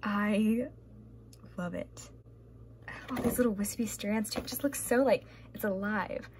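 A woman's voice: medium pitch, a little slow, noisy background. A young woman vlogger gushing over art prints she is unboxing, with gasps, squeals and sudden whispers. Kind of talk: excited unboxing commentary.

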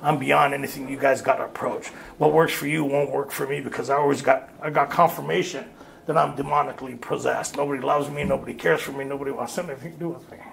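A man's voice: mid-range voice, fairly even intonation, fast, vocal fry, slight background noise. A man speaking to a recovery workshop group, blunt and streetwise, telling his story and laughing at himself. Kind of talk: candid storytelling talk to a group. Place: retreat meeting room.

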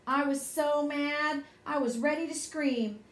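A woman reading a bedtime story aloud in a lively, expressive way. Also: high-pitched, a little slow. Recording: echoey room.

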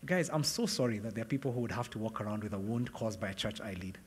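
Fairly low in pitch and quick, a middle-aged pastor preaches while telling a personal story, acting out dialogue and laughing often. Slight background noise sits under the long reverb of the large church hall.

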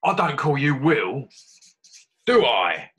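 A man voicing an irritable male frog who speaks gruffly and snaps his words out loudly. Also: medium pitch, sing-song, slow, voice pushed up, full character voice. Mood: annoyed. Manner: gruff, loud, snappish.

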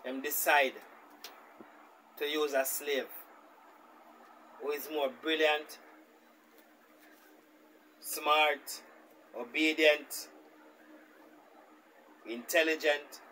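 A Jamaican man with a high-pitched voice tells a story as a reaction-video host. He talks in an animated way, with faint noise behind him. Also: extremely slow, long pauses, poor audio. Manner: animated, speaks in Jamaican Patois. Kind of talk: storytelling commentary.

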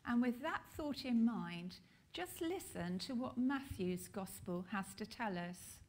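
A woman with a British accent preaching a sermon, slow and deliberate with emphatic pauses. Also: a little high.

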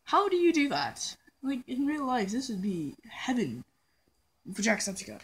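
A woman's voice: on the high side, very animated, moderate pace, slightly rough. A woman hosting a casual game commentary in a put-on British accent, rambling playfully and poking fun at herself. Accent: put-on British persona. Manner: playful, rambling, self-mocking, drifts into hummed nonsense. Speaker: gaming channel host. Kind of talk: casual let's-play commentary. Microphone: phone recording.

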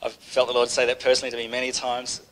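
A man's voice: mid-range voice, completely flat delivery, fast talker, fairly bright tone, a little hiss or hum, low-quality recording. Man giving a rambling, conversational sermon. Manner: conversational, rambling, with many restarts. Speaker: preacher. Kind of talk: informal sermon.

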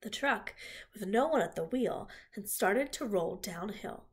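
Lady reading a kids book aloud, husky, lots of ups and downs. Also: mid-range voice, a little slow. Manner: expressive, clear storytelling. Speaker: reader.

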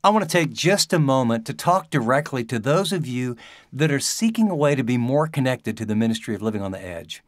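A man's voice: medium pitch, big pitch swings, brisk, no echo, studio quality. Earnest man appealing to listeners. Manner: earnest, conversational. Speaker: ministry leader.

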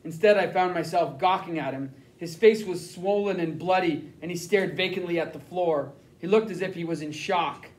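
A man reading a first-person novel aloud as an audiobook narrator, with plain, steady storytelling. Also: high voice, moderate pace, hardly any pauses, far from the mic, low-quality recording.

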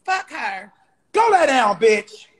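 A young man ranting in a profane, exasperated, fast-talking comedy style. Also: extremely high pitch, big pitch swings, a bit bright. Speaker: comedy creator.

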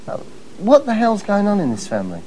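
A man's voice: high-pitched, huge pitch swings, fairly quick, darkish tone, slight background noise, low-quality recording. A man hosting a comedy show, introducing clips with mock-dramatic asides and frequent laughter. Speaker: host presenting clips. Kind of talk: comic presenting.

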